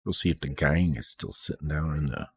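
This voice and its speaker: A man's voice: rumbling low, expressive, fairly quick, creaky, husky, dry recording. A young man streaming live while coding, chatting bluntly and swearing as he restarts his sentences.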